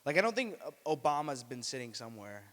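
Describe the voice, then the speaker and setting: Young man doing stand-up in a reverberant venue. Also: quick pace. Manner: deadpan delivery with loud high-pitched put-on voices. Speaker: stand-up comedian at an open mic. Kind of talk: stand-up comedy set. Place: small student venue. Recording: live room with long reverb.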